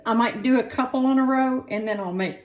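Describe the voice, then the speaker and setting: Her voice a little high and her pace brisk, a woman chats through a casual home cooking video while she works, making fun of herself for a camera on a tripod. The audio is dull and the room is echoey.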